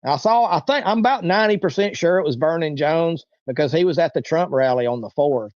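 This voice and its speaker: An interview guest in his forties tells a long, rambling story casually, now and then acting out the voices of the people in it. His voice is a little high and brisk, recorded dry with the highs cut off.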